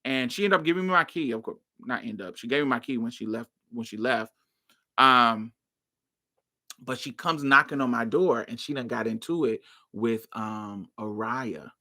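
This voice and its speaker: Speaking at a normal speed in an extremely low-pitched voice, a podcast host shares a personal story. Her delivery is casual, blunt and profane, flaring into heated outbursts, with a bright, forceful tone.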